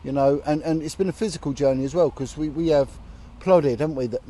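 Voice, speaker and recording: Sitting on a bench beside a road partway through a long walk, a man chats casually to camera in a mellow voice on the high side, at a quick pace. He sounds earnest and indignant and swears bluntly.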